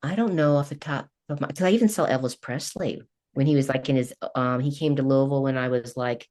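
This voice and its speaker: A woman's voice: very deep voice, fast talker, darkish tone. A woman in her sixties from Kentucky, a coach chatting as a podcast guest in a rambling, laughing way. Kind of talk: casual interview chat.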